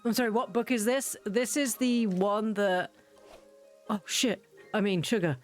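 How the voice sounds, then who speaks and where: A woman's voice: mid-range voice, a little slow, soft background music. A woman streaming a game, chatting casually with viewers in a giggly, self-mocking way.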